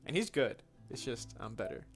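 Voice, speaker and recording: A man's voice: mid-range voice, very animated, normal speed, soft background music. Chatty young man on a gaming livestream. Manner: chatty, frequent restarts and laughs, slangy. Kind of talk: casual livestream chat answering viewer questions.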